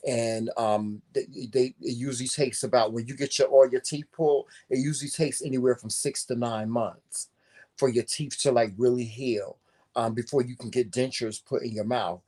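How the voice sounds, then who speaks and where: A man co-hosting a casual talk show, telling a personal story in an animated, profane and emphatic way. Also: medium pitch, moderate pace.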